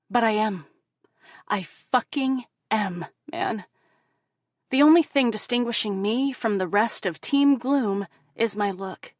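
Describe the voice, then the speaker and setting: A woman's voice: medium pitch, dry recording, studio quality. A woman narrating an audiobook in the first person, with an intense, profane, confessional delivery.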